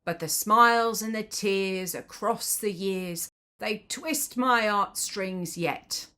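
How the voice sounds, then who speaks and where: A woman voicing a hearty working-class washerwoman who sings a sentimental song slowly in a Cockney accent. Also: medium pitch, bright, forceful tone. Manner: singing slowly and tunefully.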